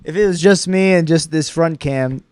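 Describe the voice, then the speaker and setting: A man's voice: a little high, moderate pace, a little mellow, clear, resonant tone, no echo. A man co-hosting a casual comedy podcast, tipsy and rowdy, joking around with his friend. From Arizona. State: tipsy after a few beers. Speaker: podcast co-host.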